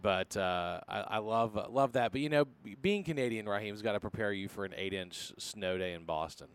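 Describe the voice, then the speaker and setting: A man hosting a casual podcast, talking in a rambling, joking way. His voice sits fairly low, and he keeps stopping to restart his sentences. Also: moderate pace, clean tone. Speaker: podcast host.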